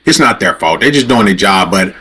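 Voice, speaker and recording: A man's voice: fairly low pitch, lively intonation, brisk, bright, forceful tone, husky. A man hosting a livestream, telling a story in a rambling, conversational way straight to his viewers, and growing heated and profane as he retells a confrontation. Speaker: livestream host.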